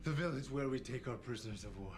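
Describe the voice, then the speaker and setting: A man's voice: medium pitch, expressive, fast talker, a little mellow, close to an everyday voice. An actor playing a captive man who grimly gives up information and warns the others to hurry, heard on a noisy TV clip.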